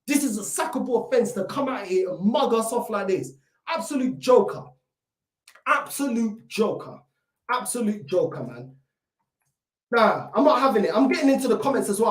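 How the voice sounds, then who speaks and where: A woman's voice: on the high side, lively intonation, brisk, echoey room. A woman hosting a football fan channel, delivering a heated, swearing reaction rant sprinkled with Portuguese words.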